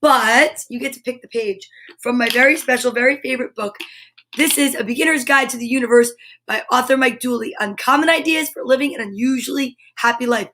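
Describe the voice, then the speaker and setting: A woman's voice: a little high, fairly quick, pushed and bright. A woman hosting a live stream, chatting with viewers and reading their comments aloud in a bubbly, exclamatory way. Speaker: host of a live comedy stream.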